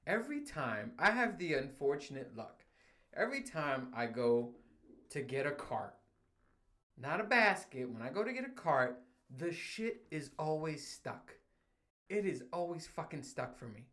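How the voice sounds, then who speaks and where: A young man hosts his own podcast, ranting in casual, profane solo talk broken up by laughs and sudden outbursts. His voice is on the high side and a little slow, his storytelling animated.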